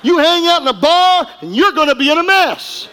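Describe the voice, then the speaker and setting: A middle-aged man preaching a sermon, folksy and emphatic, going from quiet asides to shouting. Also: extremely high pitch, lively intonation, normal speed, low-quality recording. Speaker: pastor.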